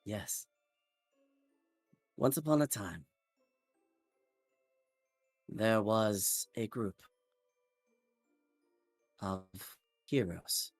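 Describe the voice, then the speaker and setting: A man's voice: on the low side, lively intonation, dry recording, clean studio sound, faint music behind, exaggerated voice. A man voicing a stern, time-worn wizard. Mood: solemn. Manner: slow, measured storytelling with pauses. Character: stern time-worn male wizard telling his past.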